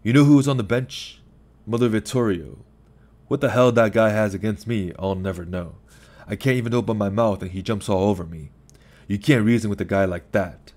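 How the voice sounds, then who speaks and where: A man's voice: lowish voice, a little fast, a little mellow, lightly acted. A man voicing an agitated lawyer who swears and rants in self-pity on the phone. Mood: bitter. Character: bitter drunk-sounding male lawyer, ranting.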